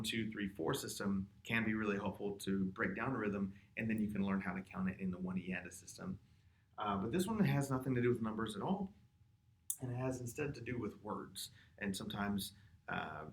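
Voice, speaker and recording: A man teaching a music lesson, patiently explaining rhythm and counting beats and chanted words aloud. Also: on the low side. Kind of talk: classroom lesson. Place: classroom or studio with a board. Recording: echoey room.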